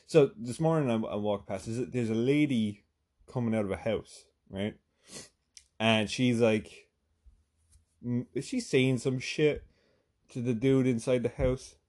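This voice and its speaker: Speaking a little slowly with long pauses, a man from Ireland hosts a podcast and tells a profane comic tale in a chatty way. His voice is medium-pitched with a darkish tone, and he keeps dropping in "right?" asides and sudden emphatic bursts.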